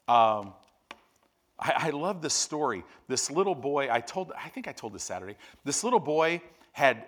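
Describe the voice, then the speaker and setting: This preacher alternates between animated, booming storytelling and sudden hushed, low-voiced emphasis as he gives his sermon.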